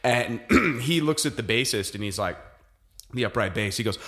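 Animated man retelling a film scene. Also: mid-range voice, normal speed. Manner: animated storytelling, swears, acts out quotes. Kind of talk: casual chat.

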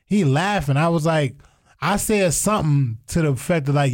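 A young man telling a story in casual chat, animated and profane, acting out other people's lines. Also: a little high, moderate pace. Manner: animated, profane, acts out voices in quotes. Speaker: storyteller guest.

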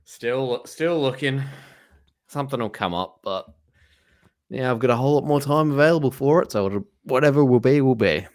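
A man's voice: mid-range voice, normal speed, darkish tone. A man co-hosting a casual podcast, joking dryly and often repeating words. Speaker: podcast co-host.

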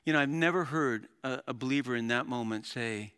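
A middle-aged male pastor preaching a sermon, animated, with dramatic readings and laughs. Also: mid-range voice, brisk, clean tone.

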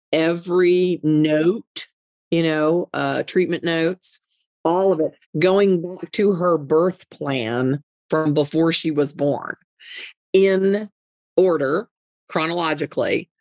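A middle-aged woman talks in an earnest, emphatic way, circling back and repeating words when moved. Her voice carries a gravelly, fry-tinged edge. The sound is close and dry. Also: fairly low pitch, a little mellow, dry recording. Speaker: guest, mother and advocate. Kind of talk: conversational interview.

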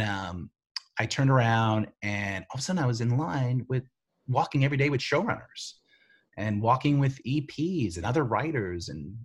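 A man who writes for television, telling stories from his career in a rambling, animated way, full of "like" and "you know.". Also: lowish voice, breathy edge. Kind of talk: casual storytelling interview.

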